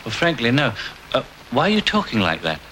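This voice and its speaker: A man's voice: mid-range voice, wildly swooping pitch, fairly quick, pushed and bright, a little hiss or hum, low-quality recording. An actor playing a plain-spoken man named Frank who answers drily in a drama scene. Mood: dry. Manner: dry, blunt.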